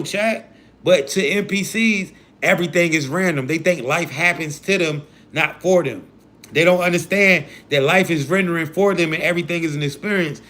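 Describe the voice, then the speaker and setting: A man hosting a livestream who lectures his chat in a slangy, profane sermon. His voice is high and bright and pushes forward. He sounds hyped and sure of himself. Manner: preachy, profane, hype talk with slang. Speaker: livestream host. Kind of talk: casual livestream rant.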